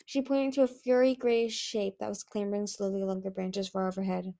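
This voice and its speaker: A woman reading a fantasy novel aloud in a lively, expressive way. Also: medium pitch, a little fast, gravelly. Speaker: audiobook reader. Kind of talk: storybook reading.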